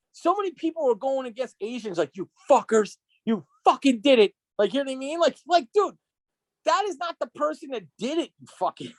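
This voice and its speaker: A man's voice: very high-pitched, no room sound. A man co-hosting a casual podcast, swearing freely and acting out quotes as he tells stories. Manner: profane, storytelling with acted-out quotes. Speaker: podcast co-host.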